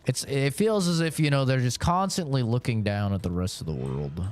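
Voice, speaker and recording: A man's voice: mid-range voice, animated, moderate pace. A man streaming a game, chatting casually in a rambling, joking way with lots of fillers. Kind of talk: casual chat while gaming.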